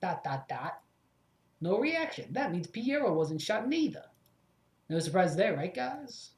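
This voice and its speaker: A meek, clumsy sparrow sidekick, voiced by a man, talking in a hesitant, folksy drawl. The delivery is soft and a bit high. A roomy echo hangs on it. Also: sing-song, unhurried, heavily acted. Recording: echoey room.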